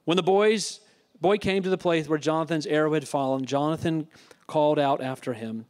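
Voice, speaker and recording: Male pastor, fairly high voice, preaching a sermon that mixes reading with plain retelling. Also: normal speed, darkish tone. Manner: retells scripture with asides.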